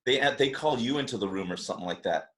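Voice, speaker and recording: A man's voice: mid-range voice, expressive, racing, a bit bright. A man interviewing a guest, mostly giving short reactions and prompts.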